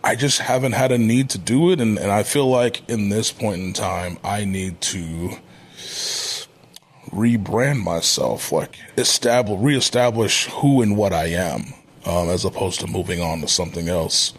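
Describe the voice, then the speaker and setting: A man in his thirties, a wrestler as podcast guest, speaking in a measured, thoughtful way. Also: on the low side. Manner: measured, deliberate delivery with frequent restarts. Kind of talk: thoughtful interview talk.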